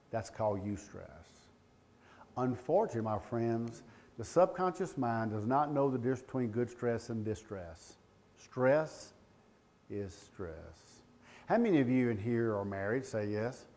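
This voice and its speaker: A man, giving a live training talk as a law enforcement trainer, animated and joking, calling out questions to the crowd. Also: fairly low pitch. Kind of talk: live seminar talk to an audience. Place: room with a live audience.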